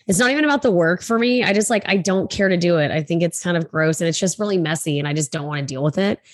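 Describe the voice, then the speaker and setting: A woman co-hosts a podcast, talking in a slightly low voice. She is blunt and casual, and she swears freely. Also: fast talker. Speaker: podcast co-host. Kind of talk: casual chat.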